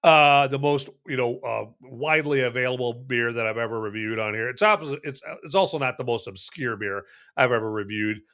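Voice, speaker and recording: A man's voice: mid-range voice, fairly quick, a bit bright. A man casually reviewing a beer on a podcast, rambling with lots of fillers, restarts and jokes. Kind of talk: casual chat.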